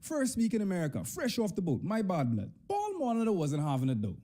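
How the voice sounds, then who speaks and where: Young Bahamian male storyteller, animated delivery, warm dark tone. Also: brisk. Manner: animated, swings between high and low pitch. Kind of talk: comic personal storytelling.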